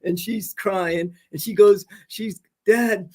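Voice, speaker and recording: Man, middle-aged, energetic, laughing storyteller, video call, high pitch. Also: moderate pace, a little hiss or hum. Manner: energetic, laughs through his stories. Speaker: high school principal, guest. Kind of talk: casual podcast interview storytelling.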